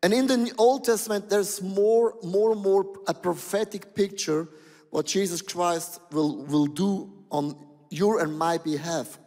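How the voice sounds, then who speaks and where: A male pastor preaching a sermon in an animated, exclaiming way, with non-native phrasing, in a large church hall. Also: sits high, a little slow. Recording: long hall reverb.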